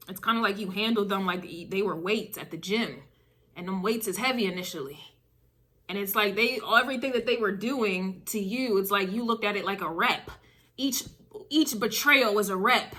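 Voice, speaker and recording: A woman's voice: on the high side, pushed and bright. A woman doing a casual spiritual reading to camera, emphatic and driving her points with repeated phrases. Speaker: tarot reader.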